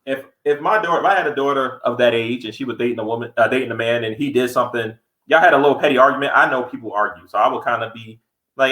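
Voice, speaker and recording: A man co-hosting a podcast in casual chat, blunt and animated, acting out heated quotes. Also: medium pitch, racing, reverberant, low-quality recording. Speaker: podcast co-host.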